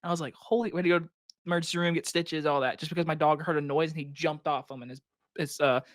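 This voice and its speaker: A man's voice: fairly high pitch, flat delivery, quick pace, no echo, studio quality. A young man co-hosting a casual podcast, teasing his friend and swearing often as he jokes. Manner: teasing, swears a lot, jokey. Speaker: podcast co-host.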